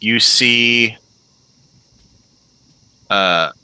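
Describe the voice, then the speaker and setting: A man narrating as game master of a tabletop game, relaxed and descriptive with frequent fillers. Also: lowish voice, drawn-out words, clean tone, no echo, low-quality recording.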